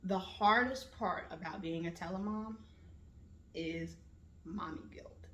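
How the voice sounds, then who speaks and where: A woman in her late thirties hosting a casual personal monologue, with lively storytelling that slips into voices when she quotes her family. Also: fairly low pitch, slow, slight background noise. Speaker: vlog host. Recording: roomy echo.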